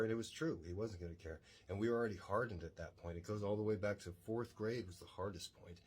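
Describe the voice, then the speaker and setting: Blunt man in his forties, husky, spins his stories at speed over faint music. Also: low-pitched, steady tone, fast, hardly any pauses, darkish tone. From San Antonio, Texas. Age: 40s. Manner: rambling, blunt, self-assured. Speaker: podcast storyteller. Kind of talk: casual personal storytelling.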